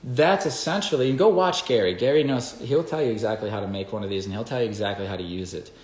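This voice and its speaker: A dog trainer explains things in a casual, emphatic instructional talk, often checking in with "okay?" and "right?". He speaks fast in a medium-pitched, slightly mellow voice, recorded in an echoey room.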